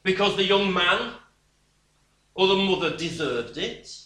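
Slow, high-voiced preacher in an echoey room. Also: male voice, animated. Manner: slow, emphatic preaching with sudden drops to a quiet voice. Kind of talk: sermon.

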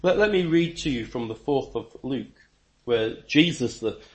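A man preaching a sermon, emphatic, with stammering restarts and sudden rises in pitch and volume. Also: expressive, unhurried.

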